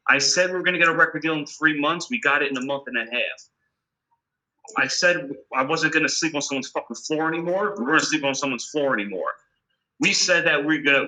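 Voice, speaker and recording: A man's voice: on the high side, bright, forceful tone, low-quality recording. A man with a New York accent, a rock guitarist telling a studio story in a casual interview, emphatic and profane, acting out the exchanges he quotes. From United States. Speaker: guitarist guest.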